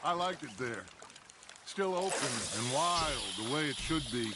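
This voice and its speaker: An actor playing a charismatic outlaw gang leader who reminisces fondly and with theatrical flair in a video game. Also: male voice, a little high, lively intonation, measured pace, heavy background noise.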